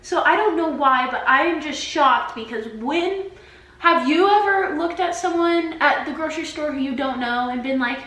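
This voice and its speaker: A young woman in her twenties tells casual stories straight to her camera, her talk full of "like". Her voice is sharp, bright and sits a little high. The camera mic picks up a lot of echo from the room. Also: lively intonation, normal speed. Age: 20s. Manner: chatty, peppered with "like". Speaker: vlogger.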